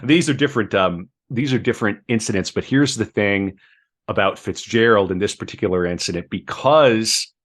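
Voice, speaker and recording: A man reading book passages aloud on a podcast, measured, with chatty asides between. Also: lowish voice, a bit bright.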